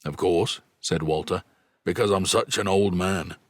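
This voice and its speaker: A man voicing an older duke, warm and wry with mock seriousness. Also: sits low, measured pace, no echo, studio quality.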